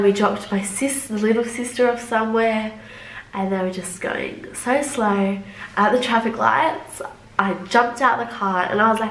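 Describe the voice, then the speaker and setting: A woman's voice: mid-range voice, moderate pace. A young woman vlogger recounting a story in an easygoing, rambling way, scattering "like" through her sentences. Her voice sits in a middle register. It carries a noticeable roomy echo. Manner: chatty, loose, heavy use of "like" as filler. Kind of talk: casual storytelling to camera.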